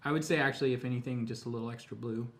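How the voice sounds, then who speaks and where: A man teaching a live painting tutorial, explaining each step in a relaxed, chatty way. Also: medium pitch, rapid-fire. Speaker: painting instructor.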